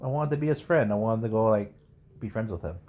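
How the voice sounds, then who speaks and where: Male podcast co-host, lowish voice, crude and profane, casual. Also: fast, narrow, tinny audio. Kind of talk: casual chat.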